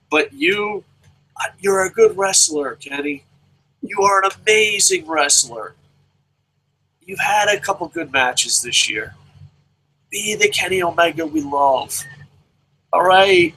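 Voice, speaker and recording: A man's voice: on the high side, bright, forceful tone, rough recording. A man hosting a wrestling preview chat, ranting with heavy swearing and passion. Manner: profane, impassioned ranting. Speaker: host.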